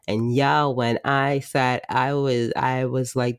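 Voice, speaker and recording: A woman's voice: extremely low pitch, flat delivery, slow, hardly any pauses, smooth, no echo. A woman hosting a podcast, recapping a drama episode in a chatty, wry way and saying "like" often. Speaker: podcast host. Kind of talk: casual drama recap commentary.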